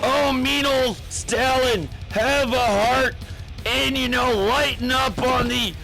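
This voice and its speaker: A man voicing an ordinary man who begs a tyrant for mercy in a slow, whiny way. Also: very high voice, fairly even intonation, vocal fry, pitched above the performer's own voice, exaggerated voice, poor audio. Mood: pleading.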